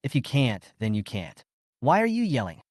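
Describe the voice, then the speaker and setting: A male narrator voicing a proud, curt young woman in a story recap, lifting his voice higher for her short, sharp replies. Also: wildly swooping pitch, moderate pace, no echo, clean studio sound.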